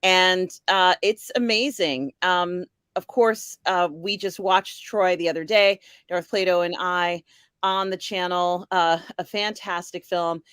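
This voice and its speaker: A woman's voice: fairly low pitch, steady tone, takes it slowly, fairly bright tone, clean tone, dry recording, clean studio sound. A woman hosting a casual live-stream chat show, upbeat, welcoming guests and reading viewer comments aloud. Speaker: host.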